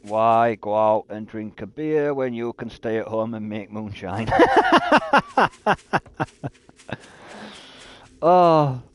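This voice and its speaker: A man's voice: fairly low pitch, measured pace, few pauses, a little mellow, smooth. A British man in his thirties chatting casually while streaming a game, often stammering and repeating words as he talks.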